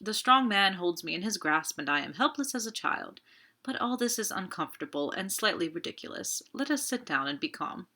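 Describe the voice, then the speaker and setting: Woman playing a mild, ironic older male detective, calm, bright voice, audiobook. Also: medium pitch, brisk. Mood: wry.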